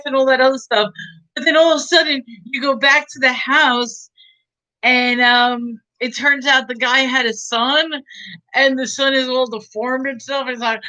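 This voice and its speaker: A woman's voice: on the high side, moderate pace, sharp tone, poor audio. A woman giving a casual, rambling movie review, chatty and giggly, with many fillers.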